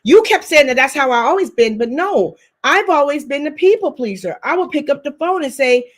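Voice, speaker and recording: A woman in her twenties co-hosting a couples podcast, telling her side in an emphatic, animated casual chat. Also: high-pitched, moderate pace, hardly any pauses. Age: 20s. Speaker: podcast co-host.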